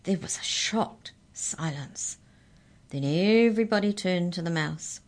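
Low-voiced woman reading a children's story. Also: lively intonation, unhurried.

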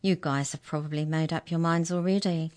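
A woman's voice: low-pitched, steady tone, brisk, darkish tone, natural voice. A woman voicing a defiant, cheeky girl who is sulky and scornful in a children's story.

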